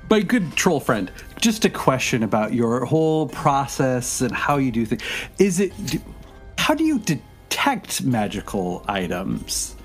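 A man's voice: medium pitch, wildly swooping pitch, unhurried, soft background music. A man playing an overly polite, wordy bard who stammers out long apologies and questions. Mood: curious. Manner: rambling, apologetic, stammering courtesy.

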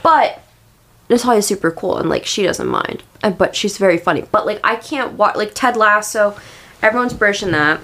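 A woman's voice: medium pitch, animated, moderate pace, fairly bright tone. A woman co-hosting a podcast in candid, casual chat, talking with lots of fillers. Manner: chatty, filler-heavy, candid. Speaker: podcast co-host.

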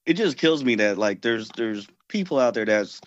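A man co-hosts a casual podcast chat. He talks in a halting way, often restarting and repeating words. His voice sounds dull and muffled, in a dry room. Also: medium pitch, expressive, no room sound. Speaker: co-host.

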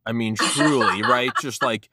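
A man hosting a podcast interview, talking casually in a rambling, excitable way and leaning on "like" as a filler. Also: mid-range voice, measured pace, very noisy. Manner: rambling, excitable, heavy use of "like". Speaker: podcast host.

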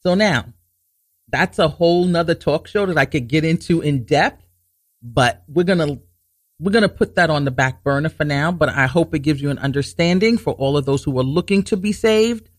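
Animated earnest man teaching scripture. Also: on the high side, no room sound, studio quality. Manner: earnest, repeats and restarts to stress points; reads scripture slowly and deliberately. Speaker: Bible teacher and show host. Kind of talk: informal Bible teaching talk.

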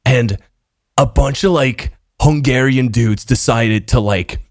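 A man's voice: mid-range voice, no echo, studio quality. A young man from Belgium, a podcast co-host telling stories in casual banter and swearing freely. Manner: swears freely, quick storytelling bursts.

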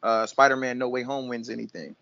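A man's voice: mid-range voice, little pitch movement, a little fast, gravelly, pushed and bright, no room sound. Man, podcast co-host, jokey, asks questions, dry muffled sound. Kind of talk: casual podcast chat.

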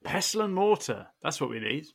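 A man's voice: on the high side, very animated, brisk, vocal fry, husky. A man from England, a guest on a casual podcast, talking in a wry, self-deprecating way with frequent laughter. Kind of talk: casual chat.

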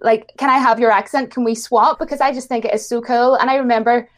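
Fast-talking young Irish woman, chatty. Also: fairly high pitch, fairly even intonation. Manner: chatty, giggly, fast storytelling with many fillers. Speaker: guest YouTuber. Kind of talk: casual chat.

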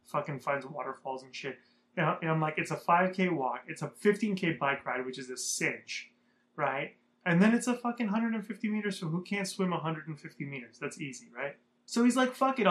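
Young man, casual vlog storytelling, slightly high voice, rambling, swears a lot, from Southern California. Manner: profane, rambling, animated. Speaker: vlogger.

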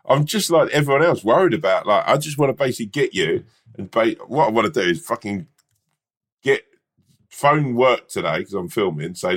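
A man's voice: medium pitch, expressive, a little fast, a bit bright. A man co-hosting a podcast, chatting casually and telling playful stories with acted voices, often laughing. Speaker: podcast co-host. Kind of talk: casual chat.

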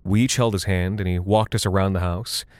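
A man giving a measured, somber first-person scripted horror narration. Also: sits low, steady tone, dry recording, clean studio sound. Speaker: narrator and voice actor.

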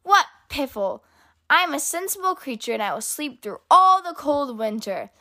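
A cross, spluttering old badger who wants to be left alone, as a woman puts him on. The voice pitches up high and sharp with indignation. Storybook reading for children. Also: big pitch swings, normal speed, heavily acted. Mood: grumpy. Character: grumpy old male badger, huffy and cross.

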